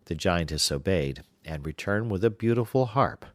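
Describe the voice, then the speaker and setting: Deep-voiced man narrating a fairy tale. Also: no room sound. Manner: even, measured storytelling.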